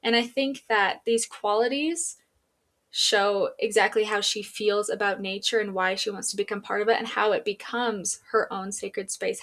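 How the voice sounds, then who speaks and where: A woman's voice: medium pitch, a bit bright. A young woman, an art student, giving a class presentation in an earnest, reflective and personal way.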